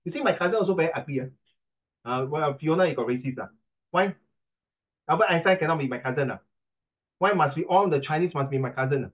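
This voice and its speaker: A man's voice: on the high side, fast talker, long pauses. A middle-aged man with a Singaporean English accent, coaching pronunciation in an online class, chatty and teasing, slipping into Mandarin. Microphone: video call. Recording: tinny video call line.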